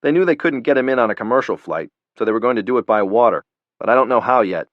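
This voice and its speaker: A male narrator doing a field officer reporting briskly and urgently, a little raised. The recording is dull and dry. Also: medium pitch, expressive, no room sound, close to an everyday voice.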